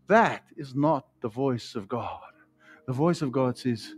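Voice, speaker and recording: A man with a New Zealand accent preaching a sermon in a church, fiery and excitable, swinging from shouts to hushed tones and calling listeners bro. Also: on the high side, normal speed, soft background music. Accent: New Zealand English. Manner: casual slang, calls listeners bro and man. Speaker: pastor. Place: church hall.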